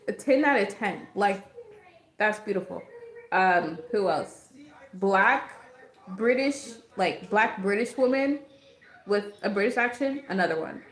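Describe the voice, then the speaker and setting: A woman's voice: medium pitch, lively intonation, measured pace, long pauses. A young woman hosting a livestream, chatting casually with lots of fillers and giggles. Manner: rambling, giggly, many fillers. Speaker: livestream host. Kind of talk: casual chat. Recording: echoey room.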